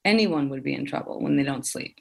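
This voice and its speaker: A woman's voice: very deep voice, lively intonation, a little fast, creaky. A woman in her fifties, an interview guest telling her own story candidly and emphatically, with many fillers and repeated phrases. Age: 50s.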